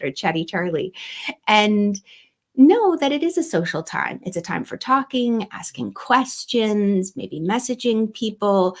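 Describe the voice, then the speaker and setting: A middle-aged woman hosting an astrology livestream, chatty and giggly, greeting viewers by name. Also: medium pitch. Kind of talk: casual livestream talk.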